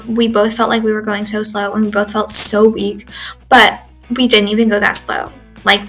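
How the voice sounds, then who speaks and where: A woman's voice: a little high, fairly bright tone, poor audio. A sixteen-year-old girl recording a casual video diary in her room, rambling with lots of "like" and "um" fillers. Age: teens. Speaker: exchange student video journaler. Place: bedroom at home.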